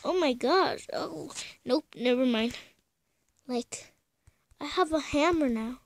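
High-voiced young woman, hushed and scared. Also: slow, dry recording. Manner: scared, pleading, often dropping to a whisper. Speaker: gamer. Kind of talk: horror game commentary. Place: bedroom at home.

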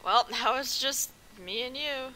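Young woman gamer-streamer: casual, teasing, very bright sound. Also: high voice, unhurried, a little hiss or hum, low-quality recording. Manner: playful teasing. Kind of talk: casual chat while gaming.

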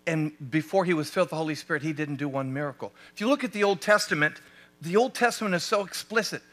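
Bright high-voiced American male pastor. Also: quick pace. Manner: animated, rhetorical questions to the congregation. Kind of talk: sermon.

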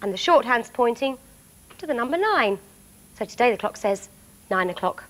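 A woman presenting a children's television programme, reciting tongue twisters in an animated, sing-song way. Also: on the high side, moderate pace, background noise.

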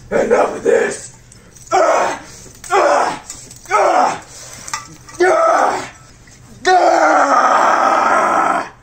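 A man voicing a shrieking, melodramatic male superhero who is bossy and whiny, with hammy yelling and wailing outbursts in a comedy skit. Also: medium pitch, voice pushed down, heavily acted. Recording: roomy, distant-mic home recording.

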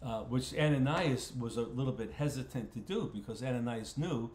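A man's voice: mid-range voice, normal speed, a little mellow. A man leading a casual Bible study as its pastor, talking in a folksy way and often repeating words while he thinks aloud. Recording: roomy echo.

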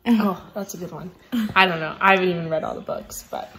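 A young woman vlogging while out on city streets, talking in a bubbly, gushing way with drawn-out exclamations. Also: on the low side, steady tone, fairly bright tone, husky. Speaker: travel vlogger. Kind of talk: casual vlog chat. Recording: noisy outdoor street recording.

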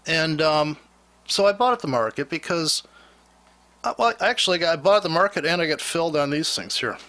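A man walks through a chart on his computer in a loose, rambling trading lesson. He talks bluntly and with a sarcastic, ranting edge. His voice sits a little high and sounds bright and forceful. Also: expressive, moderate pace. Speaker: trading instructor.

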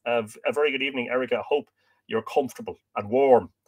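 A man's voice: medium pitch, fast talker, slightly rough. Irish man, livestream host, casual chat, jokey asides, greets viewers by name. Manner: greets viewers by name and jokes between reading comments.

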